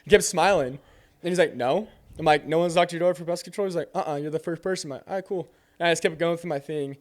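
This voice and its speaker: A young man with a fairly high voice recounts a door-to-door sales encounter in casual chat. He acts out both sides of the exchange with lively, slangy delivery. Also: fast. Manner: animated storyteller acting out both sides of a conversation.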